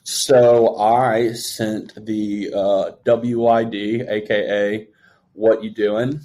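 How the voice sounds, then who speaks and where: A man's voice: lowish voice, little pitch movement, very slow, mellow. A young man co-hosting a music podcast in casual chat, rambling and acting out his own reactions. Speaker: podcast co-host.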